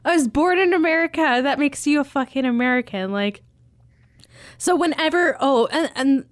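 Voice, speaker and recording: A woman's voice: high-pitched, normal speed, dry recording, clean studio sound. A young woman co-hosting a casual podcast, heated and profane, often restarting her sentences. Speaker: podcast co-host. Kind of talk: casual film discussion.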